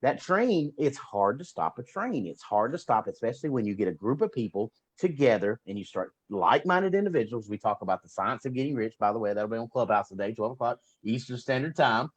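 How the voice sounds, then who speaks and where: A man hosting a motivational show, talking in a rapid, upbeat, promotional way. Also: mid-range voice, expressive, slightly rough. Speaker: host. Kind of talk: motivational talk.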